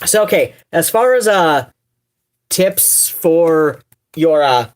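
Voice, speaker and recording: A woman with a fairly low voice talks casually on a livestream, wandering through her thoughts. She fills gaps with ums and restarts, dropping wry asides as she goes. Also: animated, slow pace, a little mellow. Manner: rambling, many fillers and restarts, wry asides. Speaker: streamer.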